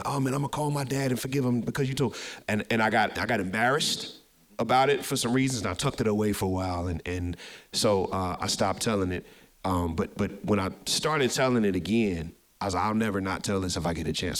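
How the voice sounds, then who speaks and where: A man hosting a live podcast show, telling a personal story with energy, often repeating words as he goes. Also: low-pitched. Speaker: podcast host. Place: live show venue with audience.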